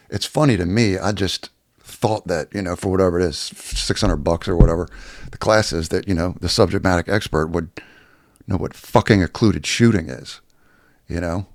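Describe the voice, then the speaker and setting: A man's voice: deep voice, no echo, clean studio sound. A man telling a rambling, profane story on his own casual video channel. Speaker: YouTuber.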